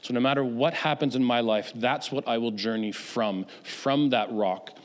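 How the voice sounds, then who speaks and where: A man giving a guest talk at a church, telling stories in a casual, conversational way. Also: mid-range voice. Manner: conversational, anecdotal, quick asides. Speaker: guest speaker. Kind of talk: church talk on mental health. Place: church sanctuary. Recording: long church hall reverb.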